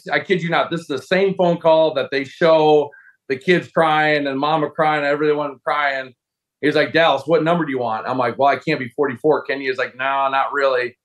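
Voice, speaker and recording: A man in his forties, a former football player, telling a long story as a guest and acting out other people's lines. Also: medium pitch. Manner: animated storyteller, acts out voices of coaches. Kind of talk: casual storytelling interview.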